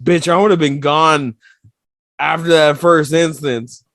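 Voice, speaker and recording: A man co-hosting a casual podcast, talking in a blunt, profane and animated storytelling way. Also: a little high, a little slow, no echo. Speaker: podcast co-host.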